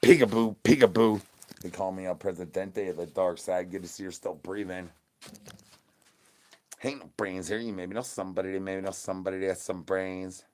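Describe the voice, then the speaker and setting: A man's voice: sits low, flat delivery, moderate pace, darkish tone, close to an everyday voice. A man voicing a starving, crude male zombie who streams to his chat, rambling in slang and repeating his begging catchphrases. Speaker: livestream entertainer. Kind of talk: in-character livestream comedy.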